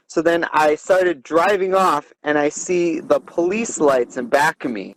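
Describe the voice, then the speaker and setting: A man's voice: a little high, a little slow, slight background noise, rough recording. A man hosting a comedy podcast, telling a crude story in a rambling, profane way and laughing as he goes. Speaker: podcast host.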